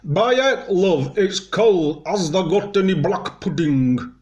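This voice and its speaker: A man putting on a broad Yorkshire accent to play a brash pub regular, talking loud with a loose jaw. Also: sits high, lively intonation, slow pace, highs cut off, voice pushed up. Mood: chummy. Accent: put-on Yorkshire.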